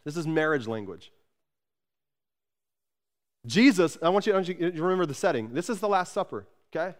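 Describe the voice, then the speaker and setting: With a male voice on the high side and a brisk delivery, a pastor preaches a lively, conversational sermon. Words get repeated, and he shifts from loud emphasis to soft tenderness and back.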